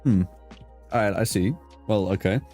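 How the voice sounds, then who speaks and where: A man's voice: on the low side, moderate pace, darkish tone, soft background music. A man hosting a casual interview, laughing often, swearing loosely and restarting his sentences. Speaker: host.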